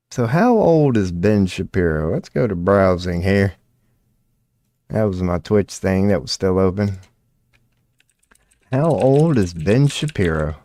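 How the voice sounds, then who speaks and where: Low, dark-voiced man ranting. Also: dry recording, studio quality. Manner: profane, mocking, drawling. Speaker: streamer. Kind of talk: casual rant commentary.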